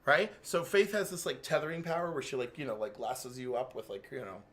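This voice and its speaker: A man co-hosting a casual podcast, recapping a comic book and acting out the characters' lines in quick voices. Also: medium pitch, fairly bright tone. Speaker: podcast co-host.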